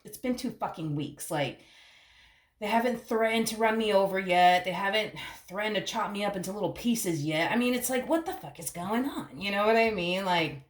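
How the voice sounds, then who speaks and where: A woman's voice: medium pitch, expressive, moderate pace. A woman giving a casual tarot reading, rambling and chatty, calling the viewer honey and swearing freely. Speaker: tarot reader. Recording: echoey room.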